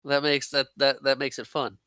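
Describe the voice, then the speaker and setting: A man's voice: mid-range voice, flat delivery, moderate pace, bright, forceful tone, clear, resonant tone, dry recording, clean studio sound. A man co-hosting a casual movie podcast, playful and teasing, laughing often. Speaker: podcast co-host. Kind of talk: casual chat.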